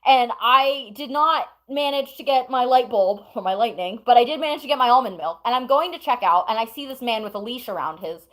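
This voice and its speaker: Brief: woman streamer, casual and rambling, slightly high voice, at home. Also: brisk, hardly any pauses, a bit bright, poor audio. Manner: rambling, breaks off to talk to chat and pets. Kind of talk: casual storytelling to chat.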